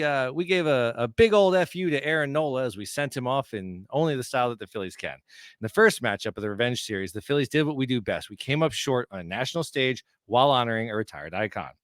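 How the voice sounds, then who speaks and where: Podcast guy, mid pitch, dry sound, sarcastic and cheeky recapping the week. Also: fairly bright tone, dry recording. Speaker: podcast co-host. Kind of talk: casual sports chat and scripted recap.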